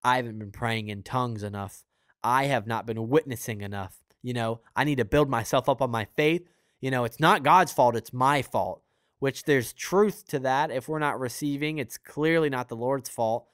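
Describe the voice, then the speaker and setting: Smooth-voiced man preaching casually. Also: mid-range voice, normal speed, a bit bright, no room sound, clean studio sound. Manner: earnest, conversational, rambling with fillers. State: has the hiccups. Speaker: podcast host and preacher. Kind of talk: casual spontaneous Christian teaching.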